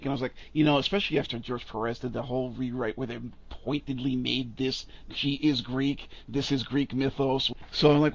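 This co-host speaks briskly with a creaky, medium-pitched voice, fairly even intonation and hardly any pauses. He swears a lot and delivers blunt, sarcastic opinions in a casual podcast rant, captured on dull lo-fi audio.

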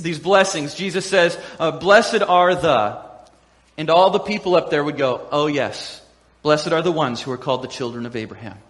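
A man preaching a sermon as pastor, animated and laughing often as he acts out the voices of crowds and quotes. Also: high voice. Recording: echoey hall with long reverb.

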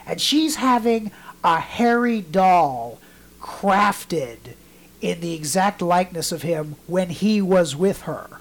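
Speaking slowly in an animated, high voice, this podcast co-host spins rambling, chatty tales. He acts out what people said with mock voices.

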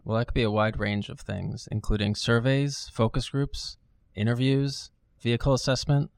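A man who is a manager, a guest on a podcast, explaining things in a measured, matter-of-fact way. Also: mid-range voice, flat delivery, gravelly, no echo. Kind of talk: podcast interview.

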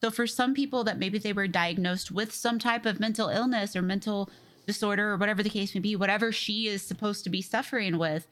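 Quick, chatty woman co-host. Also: medium pitch, a bit bright. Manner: quick, chatty, hedges her claims. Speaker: podcast co-host. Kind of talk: casual chat.

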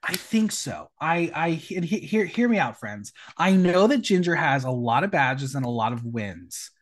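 A podcast host chatting casually, animated and gushing. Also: medium pitch, moderate pace. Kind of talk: casual chat.

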